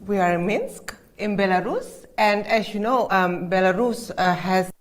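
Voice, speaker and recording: A woman co-presenting a social media news roundup on a talk show, speaking softly and measured with small hesitations. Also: mid-range voice, lively intonation, a little hiss or hum. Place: cold room in the studio.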